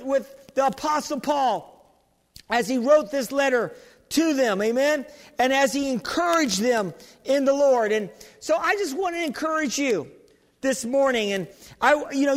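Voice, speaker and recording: A man with a very high voice preaches a sermon, urging his listeners on with repeated phrases and frequent restarts. His voice rings out in a hall with a long reverb tail. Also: animated, unhurried. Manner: exhorting, repetitive, with many restarts. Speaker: pastor.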